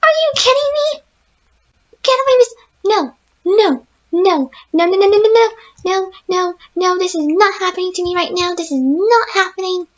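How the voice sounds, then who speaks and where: A woman voicing a timid, gentle young female pegasus pony, playing a game in character and talking to herself with easily spooked, jittery chatter. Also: very high voice, fairly even intonation, brisk, few pauses, lo-fi sound. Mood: panicked. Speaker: let's-play gamer in character.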